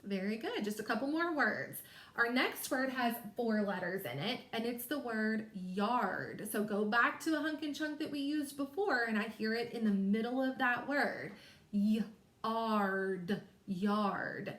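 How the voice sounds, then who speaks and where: A woman teacher walks young readers through spelling, stretching each word into its sounds with slow, careful emphasis. Her voice sits a little high, and the recording carries a noticeable room echo. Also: expressive, a bit bright. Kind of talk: phonics lesson. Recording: echoey room.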